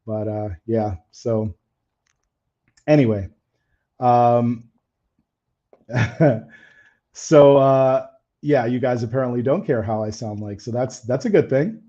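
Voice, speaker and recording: A man's voice: mid-range voice, takes it slowly, long pauses, warm tone, muffled recording. A man hosting a camera-gear live stream, talking in a candid, chatty way, his voice a little faded. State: slightly faded voice. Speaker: camera-gear channel host. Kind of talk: casual live stream chat.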